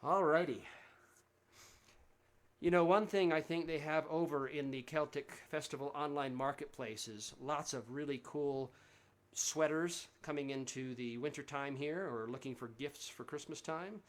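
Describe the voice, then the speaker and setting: A Central Texas singer-songwriter chats casually between songs while livestreaming a concert from home, using a livestream mic setup. His voice is on the high side and a little slow, and he rambles in a friendly way with plenty of fillers and restarts.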